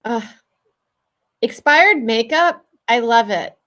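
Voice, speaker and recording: Woman in her 40s cohosting, friendly upbeat chat, a bit high. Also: expressive, takes it slowly, bright, forceful tone. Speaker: film festival co-host. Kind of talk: casual chat.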